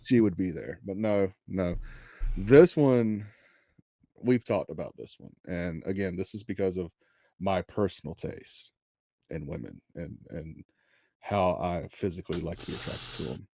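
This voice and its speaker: A man's voice: low-pitched, a little slow, vocal fry, dark tone, no echo, studio quality. A man co-hosting a casual wrestling podcast, crude and enthusiastic, swearing constantly. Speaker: podcast co-host.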